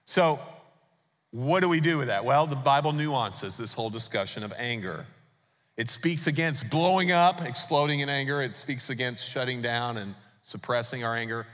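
A man's voice: medium pitch, moderate pace, a bit bright. A man preaching a sermon as pastor, emphatic and putting rhetorical questions to the congregation. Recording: long reverb of a large hall.

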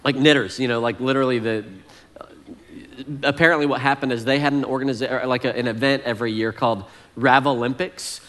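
A man's voice: mid-range voice, fairly even intonation, fast, fairly bright tone. A man, a lead pastor giving a casual, joking sermon to his church. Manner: folksy, joking, conversational.

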